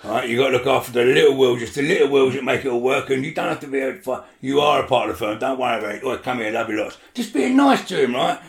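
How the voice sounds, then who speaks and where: A man with a medium-pitched voice and vocal fry rattles off a story fast, hardly pausing, in a roomy-sounding space. A guest storyteller in casual chat, he swears a lot and animatedly acts out the quotes.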